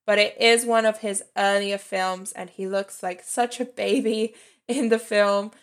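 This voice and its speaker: A woman's voice: medium pitch, fairly even intonation, measured pace. A woman in her thirties giving a chatty, candid spoken movie review and laughing lightly between points. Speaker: film reviewer.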